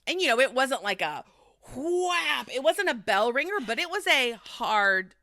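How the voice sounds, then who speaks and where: A woman hosts a podcast and tells a reality-TV recap as a chatty story, swearing freely as she goes. Her voice is bright and forward. The sound is close and dry, with no room around it. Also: a little high, big pitch swings, normal speed, no echo. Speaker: podcast host.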